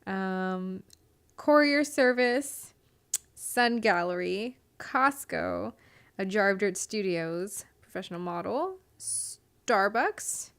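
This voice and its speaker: A woman's voice: mid-range voice, lively intonation, takes it slowly, gravelly, fairly bright tone, clean tone. A young woman co-hosting a podcast, teasing her partner and laughing often in casual chat. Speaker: podcast co-host. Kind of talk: casual conversation.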